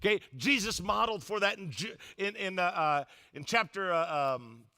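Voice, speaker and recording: A man's voice: sits high, lively intonation, normal speed, sharp tone. A middle-aged male pastor preaching a sermon, telling a comic story with quoted voices.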